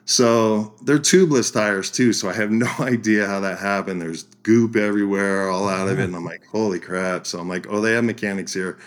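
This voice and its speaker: Man, lowish voice, podcast guest, casual storytelling, laughs between lines. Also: moderate pace, few pauses. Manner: animated storyteller, laughs through his lines.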